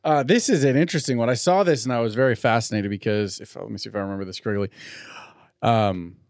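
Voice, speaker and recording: A man co-hosts a casual whiskey-tasting podcast and rambles along with a running string of jokes at his own expense. His voice sits at an ordinary pitch and is captured close up in a dry room. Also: quick pace, a little mellow, no echo. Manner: joking, rambling, self-deprecating. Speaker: podcast co-host.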